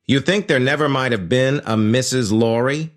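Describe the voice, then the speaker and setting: A man narrator plays a gentle, fussy old bachelor banker for a storybook reading, lifting his voice a little higher. He speaks with fond, courtly old-fashioned manners. Soft music sits behind him. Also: moderate pace, close to an everyday voice. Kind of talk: audiobook character voice.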